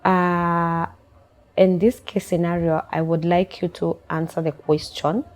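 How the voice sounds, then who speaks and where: Mellow-voiced woman talk show host. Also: fairly low pitch, little pitch movement, measured pace. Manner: asks long questions with hesitant fillers.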